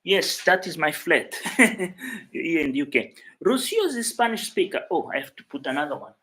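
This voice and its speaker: A man from Africa hosting a casual live chat from his flat, rambling and emotional as he talks to viewers by name. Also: fairly high pitch, normal speed, breathy edge. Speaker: YouTube livestream host.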